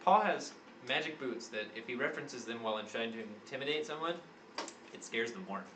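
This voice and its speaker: A man chatting quickly and casually as a player in a tabletop game. He talks at a fast clip, and the room is echoey with clear noise behind him. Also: medium pitch, lively intonation.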